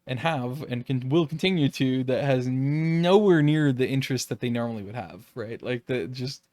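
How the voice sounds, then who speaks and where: A man's voice: mid-range voice, normal speed, a little mellow, no room sound. A man who makes online videos, talking through an unscripted, rambling reflection with frequent swearing and exasperated outbursts. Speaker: YouTube creator.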